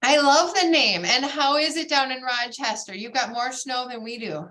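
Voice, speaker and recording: A woman hosting a bead society's video meeting, bubbly and gushing, with lots of excited exclamations. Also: high-pitched, moderate pace. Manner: bubbly, gushing, keeps saying "oh my gosh". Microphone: video call.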